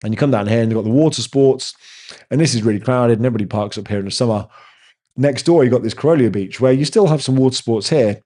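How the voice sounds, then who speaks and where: A man's voice: medium pitch, fast, mellow. A man, hosting a casual live chat with viewers and telling rambling stories. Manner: rambling, chatty storyteller. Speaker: host answering viewer chat.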